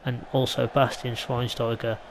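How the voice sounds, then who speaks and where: A man's voice: mid-range voice, flat delivery, moderate pace, a little hiss or hum, poor audio. A man from England chatting casually as he commentates his own football video game play, rambling into side remarks. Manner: chatty, rambling, mild asides. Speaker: gaming YouTuber.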